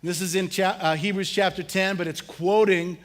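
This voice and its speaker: High-voiced pastor, casual and joking. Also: male voice, fairly even intonation, moderate pace, a bit bright. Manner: casual, humorous storytelling with audience questions. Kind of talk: conversational sermon.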